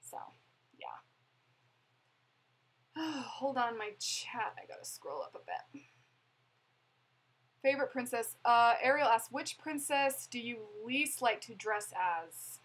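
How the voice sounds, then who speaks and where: A woman's voice: a little high, lively intonation, takes it slowly, pauses often, a bit bright, husky, low-quality recording. A young woman chatting casually on a live stream, rambling and laughing as she answers viewers' questions. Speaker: vlogger answering live chat.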